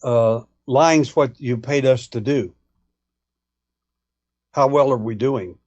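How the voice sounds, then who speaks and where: A man's voice: medium pitch, slow pace, a little mellow, dull audio. Folksy man spinning a story. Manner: folksy, acts out dialogue in retelling. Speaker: guest, alien abduction researcher. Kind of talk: storytelling anecdote.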